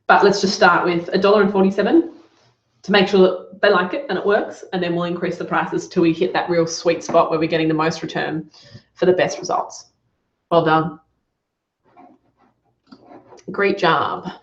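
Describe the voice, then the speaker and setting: A woman's voice: on the low side, level tone, moderate pace. A woman running a live online Q&A as a business coach, giving upbeat, encouraging feedback on students' work. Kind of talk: live Q&A session. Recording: roomy, dull lo-fi sound.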